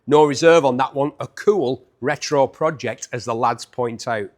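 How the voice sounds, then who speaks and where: A man's voice: mid-range voice, unhurried. A man in his fifties hosting a chatty, jokey walkaround preview of bikes up for auction. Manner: chatty, enthusiastic, jokey asides.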